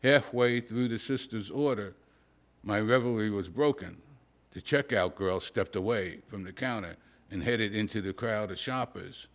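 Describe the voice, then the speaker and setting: A man, a poet at a live reading, reading a humorous prose story aloud in a dry, wry, deadpan way. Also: lowish voice, normal speed. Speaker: poet reading his work.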